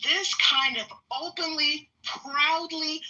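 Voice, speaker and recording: A woman's voice: high-pitched, fairly even intonation, slow pace, pushed and bright, rough recording. A woman panelist asking earnest, probing questions in a debate.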